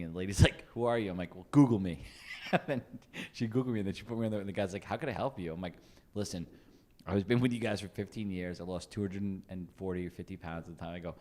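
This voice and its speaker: Low-voiced rambling man telling stories. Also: darkish tone. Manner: rambling storyteller, many fillers and restarts. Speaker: podcast co-host. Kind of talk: casual chat.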